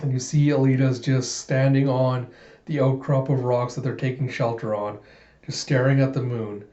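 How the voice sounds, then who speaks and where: A man's voice: medium pitch, flat delivery, normal speed, dark tone. A man reading a comic aloud in a casual, chatty way, often laughing. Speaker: comic reader. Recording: echoey room, dull lo-fi sound.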